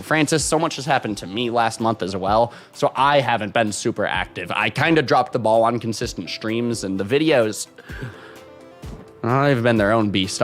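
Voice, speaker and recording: A man chatting casually with his live stream viewers, rambling, reading chat aloud and laughing often. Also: mid-range voice.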